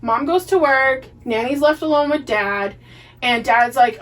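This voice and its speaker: A woman's voice: sits high, measured pace. A woman with a Boston accent co-hosting a podcast, casually recapping a TV series, swearing freely and acting out the characters' lines. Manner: profane, animated, acts out characters' lines. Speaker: podcast co-host. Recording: distant mic, poor audio.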